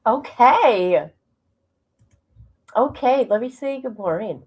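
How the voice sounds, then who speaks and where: A woman's voice: a little high, lively intonation, slow, darkish tone, a little hiss or hum, low-quality recording. A woman hosting a casual livestream from home on her phone, rambling and emotional as she talks to her chat. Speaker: livestream host.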